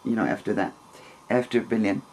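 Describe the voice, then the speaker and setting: A man telling a long personal story in a casual, rambling, gentle way, with soft laughs between phrases. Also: lowish voice, fairly quick.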